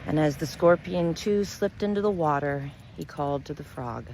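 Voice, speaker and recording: A woman storyteller and spiritual reader, telling a fable and reflecting on it in a measured, gentle way. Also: sits low, a little hiss or hum.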